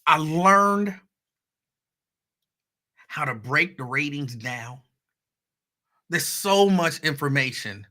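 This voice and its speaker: A man's voice: a little high, slow pace, pauses often. A man hosting a show, telling stories from his radio career in a casual, conversational way and speaking straight to his listeners. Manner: conversational storytelling, animated asides to listeners. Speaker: radio host. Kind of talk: casual monologue.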